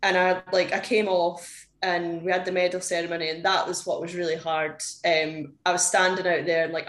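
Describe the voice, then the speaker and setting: Young female podcast guest; chatty, candid, filler-heavy; slightly low voice, roomy echo. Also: flat delivery, normal speed. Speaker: podcast guest, competitive powerlifter. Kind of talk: casual interview chat. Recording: echoey room.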